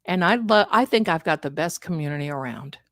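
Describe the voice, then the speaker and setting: A woman hosting a casual livestream, talking in an animated, emphatic way and speaking straight to her viewers from an indoor room. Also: sits low, fairly quick, no room sound, clean studio sound. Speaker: livestream host.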